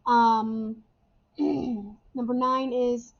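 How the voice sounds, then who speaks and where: Woman English teacher, casual and chatty, slightly high voice, muffled camera audio. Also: flat delivery, drawn-out words. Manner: casual, chatty, repeats key phrases. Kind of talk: recorded class instructions for remote students. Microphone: webcam or camera microphone.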